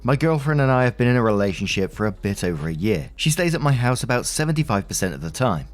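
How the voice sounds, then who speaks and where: A man reading a written forum post aloud in a plain, even voice. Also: mid-range voice, fast. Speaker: storytime narrator. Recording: faint music under the voice.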